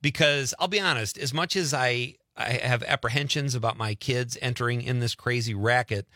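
A middle-aged man hosting an interview show, chatty and quick to laugh. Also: medium pitch, pushed and bright, no room sound, clean studio sound. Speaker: host. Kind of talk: casual interview chat.

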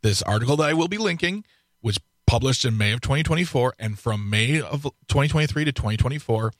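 A man co-hosting a political talk radio show. He speaks wryly and haltingly, often repeating words as he explains. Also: mid-range voice, animated, no echo, studio quality. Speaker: radio co-host.

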